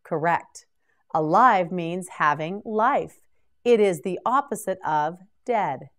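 A woman teaching English vocabulary in a scripted drill, pronouncing each word clearly and deliberately. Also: lowish voice, lively intonation, a bit bright.

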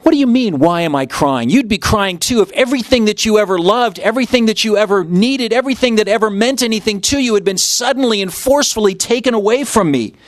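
Man acting out a grieving woman, high strained voice, pleading, indignant, dry sound. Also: animated, fast talker, few pauses, dry recording. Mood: anguished. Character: grieving young woman, desperate, overwhelmed.

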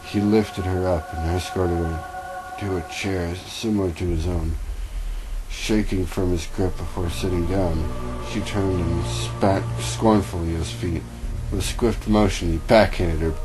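Male comedic reader, low voice, sarcastic asides over background music. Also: fairly even intonation, unhurried, poor audio. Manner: wry, mocking, stumbles and corrects himself. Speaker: fanfiction reader.

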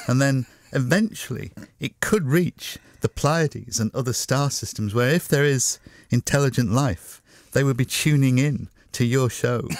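A man's voice: mid-range voice, no echo. A middle-aged man chatting as a guest in a radio studio, telling anecdotes with a chuckle. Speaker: guest impressionist. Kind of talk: radio interview chat. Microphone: studio microphone.

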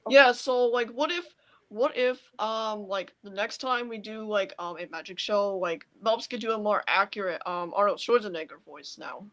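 A woman's voice: mid-range voice, moderate pace, a bit bright. A woman in casual group chat who rambles with lots of fillers.

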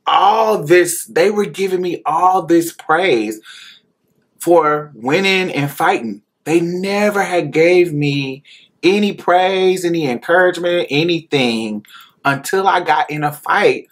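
A woman podcast host telling a personal story, animated and profane, laughing often as she talks. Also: on the low side, takes it slowly.

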